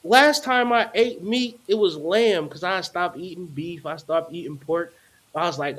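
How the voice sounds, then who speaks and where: A man's voice: sits high, unhurried, fairly bright tone. A man hosting his own channel as a spiritual teacher, ranting casually in slang and swearing freely.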